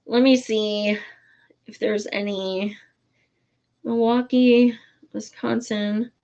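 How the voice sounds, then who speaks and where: Blunt, frustrated woman vlogging, slow-paced. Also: mid-range voice, fairly even intonation, dark tone, highs cut off. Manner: frustrated, blunt, swears freely, many fillers. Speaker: political commentator. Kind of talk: casual vlog commentary.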